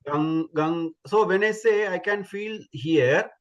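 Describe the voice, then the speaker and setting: A man's voice: high voice, measured pace, muffled recording. A man teaching Sanskrit pronunciation in an online class, patiently repeating sounds as demonstrations.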